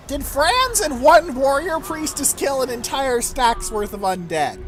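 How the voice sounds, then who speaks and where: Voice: high voice, lively intonation, measured pace, hardly any pauses. A let's-play host talks through a strategy game in a casual, wry way, the voice swinging widely up and down. When something goes wrong, the talk turns into incredulous, repeated questions. Faint game music plays underneath. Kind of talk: casual gameplay commentary.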